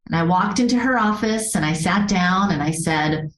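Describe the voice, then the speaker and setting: A woman being interviewed as a yoga therapist, telling a personal story in an earnest, animated way and laughing often. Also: fairly low pitch, normal speed, hardly any pauses. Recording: roomy echo.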